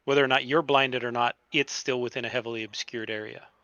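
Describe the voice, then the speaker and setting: A man's voice: mid-range voice, fairly even intonation, fast, pushed and bright, no echo, muffled recording. A man running a tabletop game as game master, explaining rules in a laid-back way.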